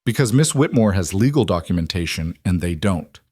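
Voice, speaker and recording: Steady cowboy protector, voiced by the narrator, calm authority, low, dry. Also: male voice, fairly quick, breathy edge, no echo.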